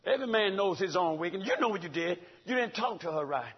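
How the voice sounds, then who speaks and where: A husky-voiced man putting on the Holy Spirit, speaking low, quiet and stern, scolding like a patient judge. The recording is dull and lo-fi. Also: animated, fast. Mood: stern rebuke.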